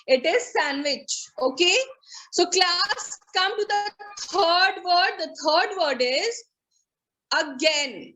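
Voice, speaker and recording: High, bright Indian English teacher. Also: female voice, low-quality recording. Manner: drills words slowly, repeats and checks understanding. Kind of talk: online class teaching. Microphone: video call.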